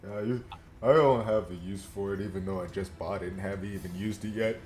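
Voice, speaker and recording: Male player, deep voice, blunt casual table banter. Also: fairly even intonation, fairly quick, a little mellow, a little hiss or hum. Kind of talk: casual game table chat.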